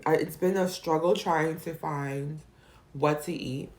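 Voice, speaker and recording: A woman's voice: deep voice, steady tone, measured pace, a little mellow. Tearful woman rambling in a vlog. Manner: rambling, many fillers and restarts. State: tearful, emotional. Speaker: vlogger. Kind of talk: personal confessional vlog.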